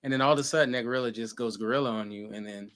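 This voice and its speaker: A man's voice: medium pitch, rapid-fire, a bit bright. A man hosting a casual group chat, rambling loosely and laughing often. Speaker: host.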